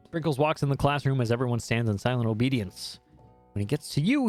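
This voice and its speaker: A man's voice: mid-range voice, lively intonation, fast, darkish tone, soft background music. A young man streaming a game, reading it aloud with jokey, sweary asides.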